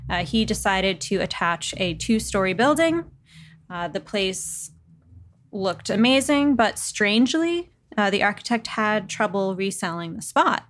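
A woman's voice: medium pitch, lively intonation, measured pace, a bit bright. A young woman co-hosting a podcast, chatting and telling a ghost story with frequent laughs. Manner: laughs often, chatty and playful. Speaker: podcast co-host. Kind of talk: casual chat and storytelling.

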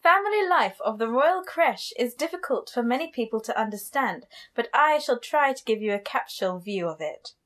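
A haughty royal lady speaks in a plummy, over-refined voice, as a woman puts her on for a hammy dramatic reading. Her voice sits fairly high and swoops in lively, theatrical curves. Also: moderate pace, hardly any pauses. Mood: lofty.

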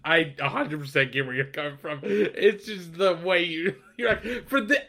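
Male podcast co-host; bright, slightly high voice, laughing and agreeable. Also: normal speed, vocal fry. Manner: laughs often, short agreeing replies. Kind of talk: casual movie review chat.

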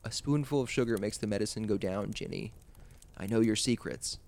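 A man reading the part of an eight-year-old boy, hushed and tense. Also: on the low side, fairly quick, gravelly.

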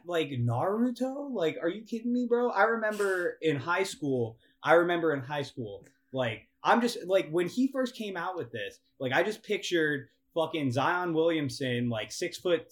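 A young man co-hosting a casual sports talk show, ranting with lots of swearing and climbing higher in pitch as he gets worked up. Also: fairly bright tone. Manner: profane, ranting, laughs and rises in pitch when worked up. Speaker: podcast co-host.

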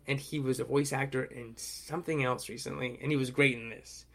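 A man's voice: mid-range voice, fairly quick, gravelly. A young man co-hosting a podcast, chatting casually and rambling with lots of fillers. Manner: rambling, many fillers, animated. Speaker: podcast co-host. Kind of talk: casual chat.

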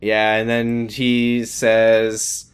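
A man's voice: lowish voice, monotone, extremely slow, clear, resonant tone. A man co-hosting a podcast, chatting casually and recapping a TV show, acting out characters' lines in put-on voices. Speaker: podcast co-host.

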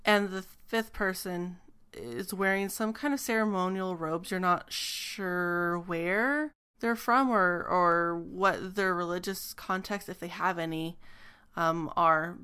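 A woman narrating a tabletop game as game master, describing scenes with frequent pauses and ums. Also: fairly low pitch, pushed and bright, clean tone.

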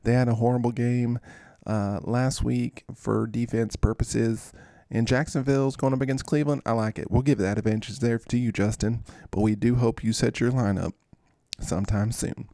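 A man's voice: medium pitch, steady tone, moderate pace, creaky, mellow, no echo, studio quality. A man hosting a podcast, giving casual fantasy sports commentary with goofy, rambling asides. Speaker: podcast host.

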